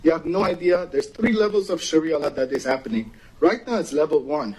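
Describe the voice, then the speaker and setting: A man's voice: on the high side, lively intonation, a little fast, a little mellow, slight background noise, poor audio. A man from Iran giving impassioned public testimony at a meeting podium, urgent and pleading. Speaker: public commenter.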